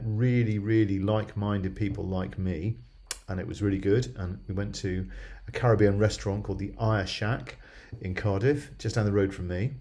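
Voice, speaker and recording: A man's voice: lowish voice, creaky, mellow. An older man from southwest England, chatting in a casual video diary, rambling and checking in with the listener. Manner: chatty, rambling, frequent "yeah?" tags. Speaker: video diarist.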